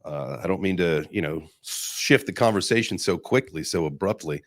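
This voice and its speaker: A man's voice: low voice, expressive, moderate pace, dry recording, clean studio sound. A young man hosting a casual crypto podcast chat, talking loosely with some cursing. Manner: loose, profane banter. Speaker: crypto show host.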